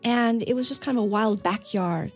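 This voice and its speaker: A fairly high, slightly husky woman's voice telling stories in a relaxed chat. She acts out the people she quotes and laughs often. Soft music plays faintly behind her. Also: moderate pace. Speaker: conversation partner. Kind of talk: casual chat.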